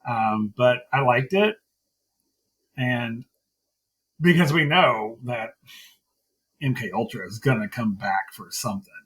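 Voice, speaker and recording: A man's voice: medium pitch, slow pace, pauses often, fairly bright tone, husky. A man co-hosting a podcast, chatting casually about a wrestling show and gushing while he repeats himself. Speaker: podcast co-host. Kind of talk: casual wrestling review chat.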